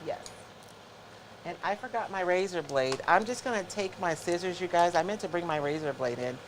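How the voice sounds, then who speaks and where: Chatty low-voiced woman demonstrating crafts. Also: lively intonation, moderate pace, a little hiss or hum, poor audio. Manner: chatty, explains step by step to viewers. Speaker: craft show host. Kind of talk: casual live craft demonstration.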